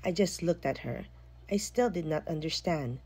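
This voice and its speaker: A woman reading a children's picture book aloud with expressive, animated storytelling. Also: low voice, moderate pace, breathy edge. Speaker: storytime reader.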